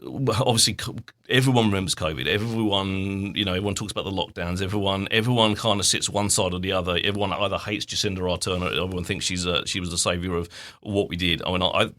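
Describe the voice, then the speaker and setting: A man's voice: low voice, a bit bright. A man with an Essex and London accent, hosting a radio show in a chatty, rambling way with many restarts. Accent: Essex and London English. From England. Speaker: radio host. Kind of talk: casual chat.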